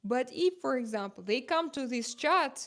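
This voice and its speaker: A woman's voice: sits high, lively intonation, moderate pace, a bit bright. Woman host chatting on a livestream, English. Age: 40s. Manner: non-native English, many uhs and restarts, reads chat aloud. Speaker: livestream host and makeup artist. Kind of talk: casual livestream chat reading comments.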